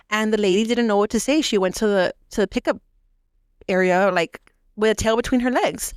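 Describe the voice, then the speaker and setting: A young adult woman telling a work story in casual chat, animated, acting out quotes and saying "like" a lot. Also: mid-range voice, a little fast, smooth, no room sound, clean studio sound. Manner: animated, acts out quotes, heavy use of "like". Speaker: podcast co-host; restaurant manager.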